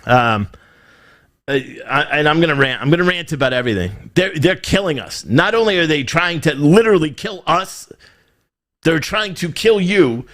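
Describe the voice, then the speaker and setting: A man's voice: fairly high pitch, animated, normal speed, a bit bright. A man hosting his own livestream show, talking casually and ranting in an irritated, exasperated way, swearing now and then. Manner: angry, exasperated, swears freely.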